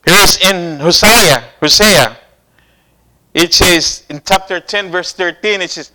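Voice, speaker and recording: A man's voice: on the high side, a little slow, bright, forceful tone, rough recording. A man preaching a sermon, asking the congregation questions and repeating key phrases.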